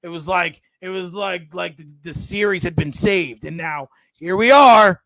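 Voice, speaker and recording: A man's voice: high-pitched, unhurried, fairly bright tone, low-quality recording. A young man co-hosting a sports podcast, talking casually and rambling, often repeating his words as he goes. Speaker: podcast co-host.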